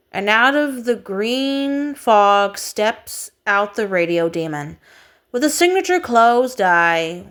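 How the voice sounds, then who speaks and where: A woman narrating a fan fiction story in a steady, expressive reading voice. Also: mid-range voice. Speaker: fanfiction reader. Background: faint background music.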